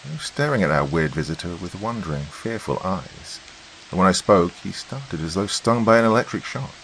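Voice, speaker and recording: Male podcast narrator, very low voice, animated delivery, faint rain and hiss in the background. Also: rough recording. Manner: expressive, measured storytelling. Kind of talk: dramatic storytelling narration.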